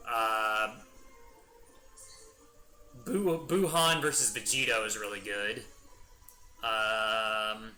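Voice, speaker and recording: Chatty young man with a bright voice. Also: lowish voice. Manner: rambling, chatty, enthusiastic. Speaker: gaming channel host. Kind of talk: let's play commentary.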